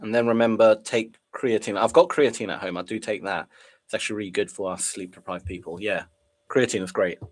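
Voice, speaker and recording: A young man with a slightly low voice talks through his trades on a live stream. He is sniffly from a cold and keeps a casual, chatty tone. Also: steady tone, brisk. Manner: casual, chatty, reads chat aloud and reacts. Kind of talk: live trading stream commentary.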